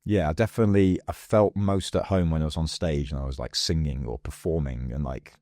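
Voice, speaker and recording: A man with an extremely deep voice chats casually as an interview guest. He tells stories in a lively way and slips into the voices of the people he quotes. The recording is dry and close, with no room sound. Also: fairly quick, no echo. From England. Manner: lively storyteller who acts out quoted voices. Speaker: podcast guest.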